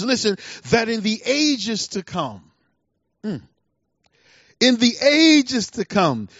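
A man preaching a sermon as a pastor, swinging between fervent declarations and hushed asides. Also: sits high, dry recording, highs cut off.

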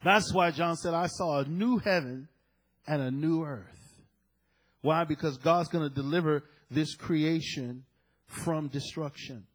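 A man's voice: a little high, measured pace, rough recording. A man preaching a sermon, reading scripture and calling out to the congregation. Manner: preaching with call-and-response to the congregation. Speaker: pastor.

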